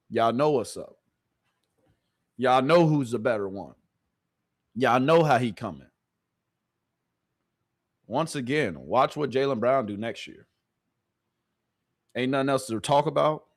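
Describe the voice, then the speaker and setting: A man's voice: mid-range voice, no room sound, studio quality. A man streaming live sports reactions, emphatic and repeating his points for emphasis. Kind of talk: casual livestream sports reaction.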